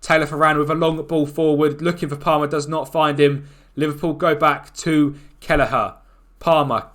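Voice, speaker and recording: A man commentating on his own football management game, excitable and quick to groan and shout at the action. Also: fairly high pitch. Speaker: gaming YouTuber.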